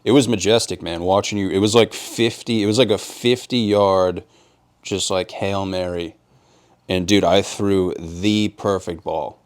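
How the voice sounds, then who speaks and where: A man's voice: sits low, fairly even intonation, a little slow. A young man from Rhode Island hosting a podcast, talking in a laid-back, casual way, saying "dude" a lot and laughing hard at his own stories. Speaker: podcast host. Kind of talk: casual chat.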